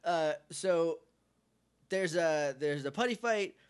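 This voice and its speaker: A man's voice: a little high, expressive, slow, clear, resonant tone. A man co-hosting a podcast, chatting casually as he recaps an episode and acts out the characters' lines. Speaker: podcast co-host.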